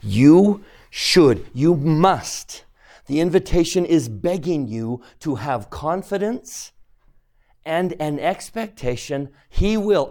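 A man's voice: on the high side, animated, a little slow, a little mellow. A man teaching a scripture class, earnest and pleading, often asking the students questions. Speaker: religion teacher.

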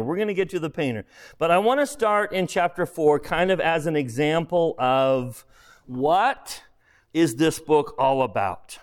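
A man's voice: on the high side, a little slow. A man preaching in a chapel, earnest and conversational, encouraging listeners to read a book. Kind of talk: sermon with book reading.

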